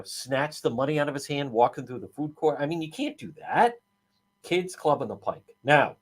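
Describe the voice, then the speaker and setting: A man's voice: fairly high pitch, husky. A man hosting a talk show, ranting with heated, sarcastic indignation and many restarts. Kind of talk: heated political commentary.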